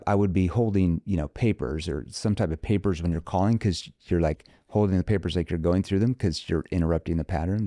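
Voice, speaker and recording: A man's voice: low-pitched, mellow, no room sound, clean studio sound. A man talking as a sales trainer guest in a podcast interview, emphatic, acting out sample phone calls in an upbeat voice.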